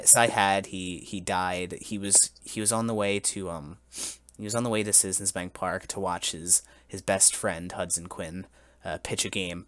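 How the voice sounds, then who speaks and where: A young man in his twenties hosting a casual podcast, telling a mock-solemn story in a halting way, full of restarts and giggles. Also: low voice, fairly bright tone, dry recording. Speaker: podcast host.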